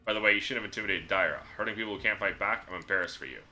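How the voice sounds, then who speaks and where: A man's voice: on the low side, very fast, bright, forceful tone, faint music behind. A man voicing a weary, honorable young tribesman in a game, reading his lines in his own voice. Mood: disappointed. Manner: read aloud from the screen.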